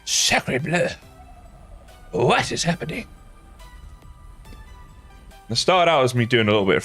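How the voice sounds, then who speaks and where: A young Englishman streams a game while chatting casually, poking fun at himself and laughing a lot. His voice is fairly low in pitch with a fairly bright tone.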